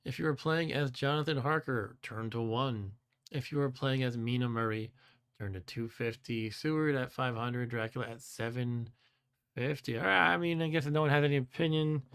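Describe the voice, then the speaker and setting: A man in his forties hosts a live stream, reading a gamebook aloud in his own smooth, mid-range voice at normal speed. His chat is relaxed and casual, he chuckles often, and he stumbles over foreign words.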